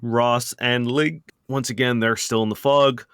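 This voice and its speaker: A man narrating a tabletop game as game master, quick and lively, laughing now and then. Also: mid-range voice, clear, resonant tone, no echo, clean studio sound.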